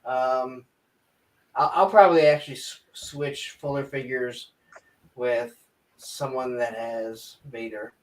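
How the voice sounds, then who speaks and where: A man's voice: mid-range voice, fairly even intonation, slow pace. A tired man chatting loosely with friends on a livestream video call, rambling as he goes. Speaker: regular panelist on a toy livestream. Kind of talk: casual chat. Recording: distant-sounding call mic.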